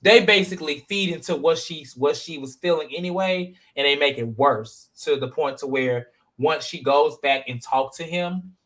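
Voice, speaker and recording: A man hosting a casual reality-TV review chat, talking in a slangy, animated, rambling way with many fillers. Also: on the high side, normal speed, hardly any pauses. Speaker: podcast host.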